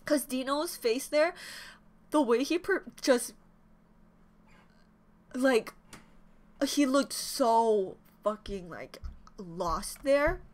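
A woman hosting a reaction video, gushing emotionally, swearing often and breaking into excited exclamations. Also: high voice, drawn-out words, pauses often. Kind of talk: casual reaction commentary. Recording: music playing behind. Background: music from the video she reacts to.

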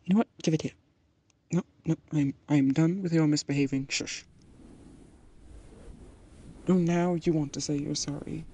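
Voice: mid-range voice, steady tone, moderate pace, long pauses, mellow, slightly rough. A voice actor in an audio role-play, playing a patient, teasing partner who calls the listener darling.

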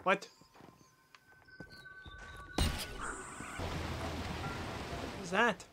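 A gamer commentating live while playing, excitable, exclaiming and swearing at the game. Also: extremely slow, soft background music. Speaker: let's play gamer.

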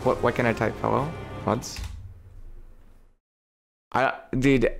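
An excitable young man narrates his gameplay live, cursing freely and jumping into high-pitched yelps. His pace is unhurried between outbursts, and clear game music plays behind him. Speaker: game streamer.

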